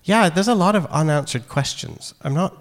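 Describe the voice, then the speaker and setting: Guy giving a chatty sermon, lively, long reverb from a big hall. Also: a little high, moderate pace. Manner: animated, conversational, acts out quoted lines. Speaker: preacher.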